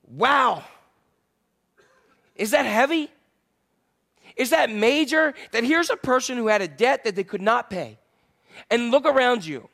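High-voiced male pastor preaching conversationally. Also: lively intonation, measured pace, gravelly, long pauses. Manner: conversational preaching with rhetorical questions to the congregation; swings between loud emphasis and quiet, hushed lines. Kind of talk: sermon.

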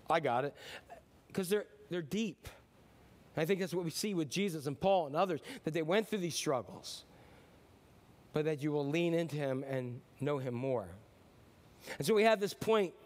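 A middle-aged man preaching a sermon in a conversational way, often restarting sentences and acting out short voices in his stories. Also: a little high. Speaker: pastor.

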